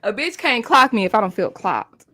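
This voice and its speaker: A woman's voice: on the high side, big pitch swings, moderate pace, fairly bright tone, slightly rough. A young woman hosting a live reality TV recap, talking bluntly and emphatically with lots of profanity.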